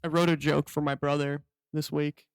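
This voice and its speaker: A young man co-hosting a podcast in casual chat, with wry, deadpan complaints. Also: fairly high pitch, moderate pace, creaky, smooth, no room sound. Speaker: podcast co-host.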